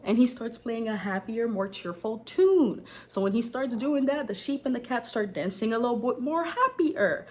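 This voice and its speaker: A woman's voice: on the high side, lively intonation, moderate pace, hardly any pauses, a little mellow. Chatty accented woman telling folktales. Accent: non-native English accent. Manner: chatty, digressive, joking. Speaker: folktale storyteller. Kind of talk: casual storytelling with chatty asides.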